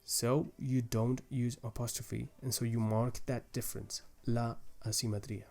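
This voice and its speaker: A young man with a mellow, darker tone teaches a language lesson. He explains grammar rules patiently and methodically, one step at a time, sometimes restarting a phrase as he goes. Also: mid-range voice, flat delivery, unhurried, creaky.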